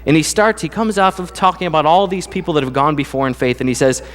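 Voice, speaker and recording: A man's voice: fairly high pitch, animated, fast talker, a bit bright, long reverb tail. A man preaching a casual, conversational sermon as the pastor, telling jokey stories from his life. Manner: casual, joking storyteller. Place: church sanctuary.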